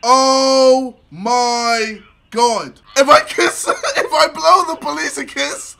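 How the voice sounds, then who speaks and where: A young British man commentating on a video game, crude, loud and laughing, with sudden shouted outbursts. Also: extremely high pitch, animated, slow pace, gravelly, rough recording. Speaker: gaming YouTuber. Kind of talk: gameplay commentary.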